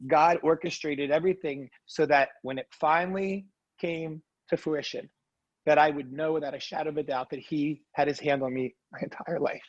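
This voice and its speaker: A man tells his life story as a guest in a casual interview, earnest and emotional, tossing in quick asides like "right?". His voice has a fairly high pitch and fairly even intonation, and the lo-fi recording has no echo.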